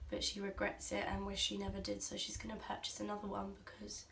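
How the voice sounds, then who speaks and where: A woman's voice: mid-range voice, completely flat delivery, fast, vocal fry, a bit bright, slight background noise. A woman, having her makeup done and bantering in casual chat. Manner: jokey, giggly banter. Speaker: makeup client.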